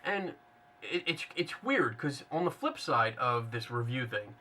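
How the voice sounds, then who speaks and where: Blunt, bright-voiced man ranting casually. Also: medium pitch, expressive, a little slow. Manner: blunt, sarcastic, rambling with restarts. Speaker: paranormal skeptic host. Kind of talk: casual unscripted monologue.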